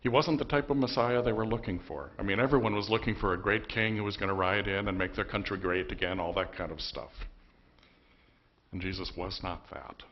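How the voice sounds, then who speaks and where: Male pastor, low voice, conversational storytelling sermon, muffled church recording. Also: steady tone, fairly quick. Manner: storytelling, conversational with emphatic outbursts.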